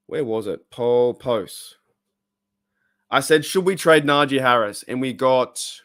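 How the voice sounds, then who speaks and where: A man's voice: medium pitch, a bit bright. A man hosting a live fan stream, rambling and fired up while he chats with viewers. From Australia. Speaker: fan channel host.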